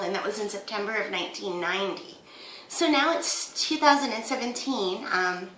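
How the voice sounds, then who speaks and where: A woman in her fifties talks to camera at home in a chatty, rambling vlog style. Her voice sits fairly high. The room sounds echoey, with a faint hum behind her. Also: a bit bright. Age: 50s. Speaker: vlogger. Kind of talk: casual chat to camera.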